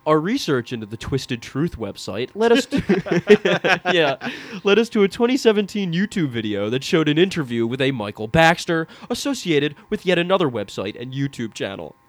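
A man's voice: on the high side, big pitch swings, moderate pace, no room sound. A man co-hosting a comedy podcast, reading an article aloud and breaking into laughing, profane asides. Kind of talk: casual comedic chat.

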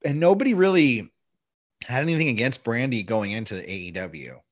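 Swearing, lively-pitched male podcast host. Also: a little fast, dry recording, clean studio sound. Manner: loose and profane, jumps into mock voices. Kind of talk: casual podcast chat.

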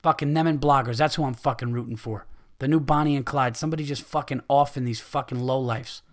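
A middle-aged man hosting a podcast, delivering a profane, angry rant with loud outbursts. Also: mid-range voice, fairly even intonation, quick pace. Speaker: podcast host, comedian.

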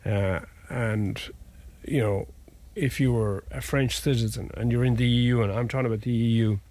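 A man's voice: mid-range voice, fairly even intonation, normal speed, darkish tone. A man, a family law solicitor, explaining cases in a rambling, anecdotal way during a conversational interview.

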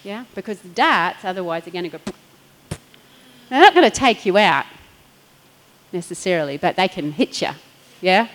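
A woman's voice: lowish voice, lively intonation, normal speed, long pauses, rough recording. A middle-aged woman pastor, preaching in a chatty storytelling way, laughing and acting out quotes. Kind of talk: sermon.

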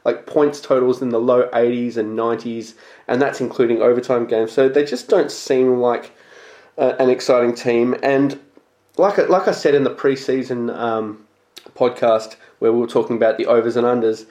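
A man hosting a casual sports podcast, talking bluntly and excitably and swearing casually. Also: mid-range voice, moderate pace. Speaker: podcast host. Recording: echoey room.

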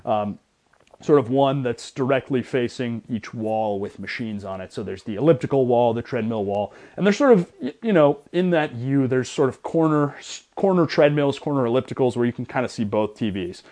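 A young man co-hosting a casual sports podcast, retelling a gym story in an animated way with lots of restarts. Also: mid-range voice, normal speed. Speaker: podcast co-host.

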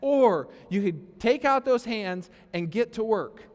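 A man's voice: high-pitched, lively intonation, slow, a little mellow. A man preaching a sermon as pastor, conversational, with sarcastic asides and frequent "okay?" checks. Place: church sanctuary. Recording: long hall reverb.

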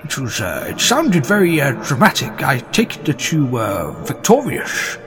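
A man doing a rueful, halting dragon ghost. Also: mid-range voice, huge pitch swings, fairly bright tone, breathy edge, faint music behind, full character voice. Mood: musing. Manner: hesitant, halting with many fillers. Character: gentle, rueful male dragon ghost in a mirror.

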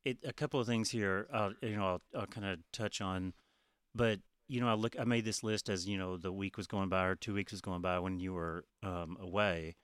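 A man's voice: deep voice, fairly even intonation, moderate pace, fairly bright tone, clear, resonant tone, dry recording, studio quality. A man co-hosting a podcast in a casual, profane, chatty way, often laughing. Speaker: podcast co-host. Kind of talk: casual chat.

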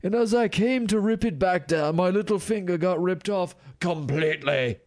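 A man's voice: high-pitched, moderate pace, a little mellow, pitched above the performer's own voice. A man voicing a posh young male English raver in a put-on upper-class English accent, reading with exaggerated plummy flair. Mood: mock-posh.

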